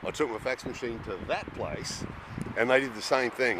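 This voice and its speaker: A man's voice: medium pitch, lively intonation, normal speed. Guy venting in a vlog, fed up, outside w wind noise on the mic. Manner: exasperated ranting, mimics people. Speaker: vlogger living abroad. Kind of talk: casual vlog monologue.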